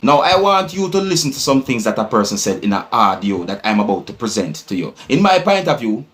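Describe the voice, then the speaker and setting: A man's voice: lowish voice, big pitch swings, fairly quick, a bit bright. A man with a Jamaican accent giving casual vlog commentary, musing and rambling, with frequent "you see me" tags. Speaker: vlogger commenting on news clips.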